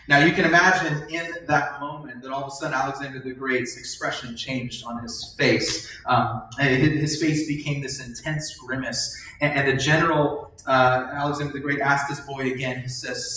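A man's voice: mid-range voice, fairly even intonation, sharp tone. A male pastor giving a sermon to his congregation, asking them questions and stretching out words for emphasis. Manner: preaching with call-and-response questions, drawn-out emphasis. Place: church sanctuary during a service. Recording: very echoey church, voice from a distance.

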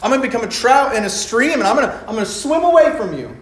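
A man's voice: very high-pitched, lively intonation, fast talker, echoey room, pitched above the performer's own voice. A man voicing a small, defiant runaway bunny child in a storybook tale told during a sermon.

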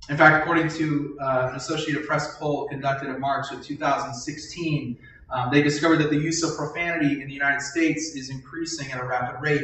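A pastor preaching a sermon in a church, telling stories and asking the congregation questions. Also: male voice, fairly high pitch. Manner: animated storytelling with questions to the congregation. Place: church sanctuary. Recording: echoey hall, voice from a distance.

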